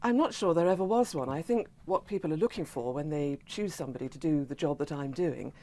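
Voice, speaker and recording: Clear-spoken woman newsreader. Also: sits low, expressive, warm tone. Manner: clear, measured and prone to giggling. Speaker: radio newsreader. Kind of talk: interview answers.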